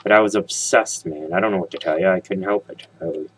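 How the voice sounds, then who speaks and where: Husky low-voiced man rambling over gameplay. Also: fast talker, a bit bright, rough recording. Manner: rambling, jokey, talks straight to viewers. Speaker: let's play host. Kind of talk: casual gameplay commentary.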